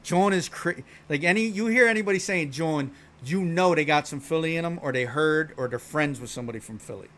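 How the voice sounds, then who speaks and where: A man's voice: on the high side, fairly quick, few pauses, a bit bright. Slangy Philadelphia streamer man. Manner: slangy, laid-back, explanatory, swears casually. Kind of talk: casual chat. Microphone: streaming microphone.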